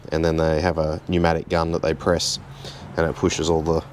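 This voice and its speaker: A man, casually walking through a car repair in his garage, relaxed and chatty with a self-deprecating streak. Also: rumbling low, moderate pace, a little hiss or hum. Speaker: home mechanic host. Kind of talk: casual how-to narration.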